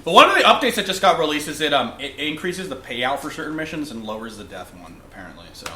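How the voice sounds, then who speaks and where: Excitable high-voiced young man. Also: fast, few pauses, echoey room, a little hiss or hum. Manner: excitable, profane, acts out voices while telling stories. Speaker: podcast co-host. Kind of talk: casual gaming chat.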